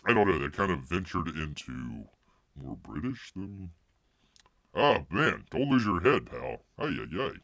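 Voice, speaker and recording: A man's voice: low-pitched, very animated, measured pace, vocal fry, a bit bright, dry recording. A man hosting a casual livestream, rambling with jokey asides and calling himself by name in the third person. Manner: jokey asides and silly voices. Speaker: livestream host.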